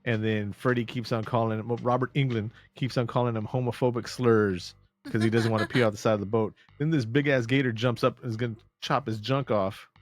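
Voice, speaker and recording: A man's voice: medium pitch, a little fast, no echo, faint music behind. A man co-hosting a podcast, casually recapping a horror movie and acting out quoted lines. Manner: animated retelling with quoted voices. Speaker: podcast co-host.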